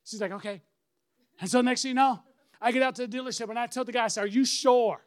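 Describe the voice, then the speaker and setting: A middle-aged man, a pastor, telling a story in a sermon with lively swings and bursts of shouted praise. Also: very high-pitched, fast. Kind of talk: sermon testimony.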